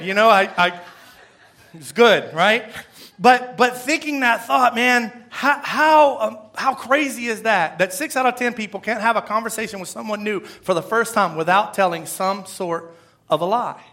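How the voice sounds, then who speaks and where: A man's voice: high-pitched, moderate pace, sharp tone. A man preaching a sermon in a conversational way, often asking the congregation to respond. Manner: conversational, asks the crowd for responses. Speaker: pastor.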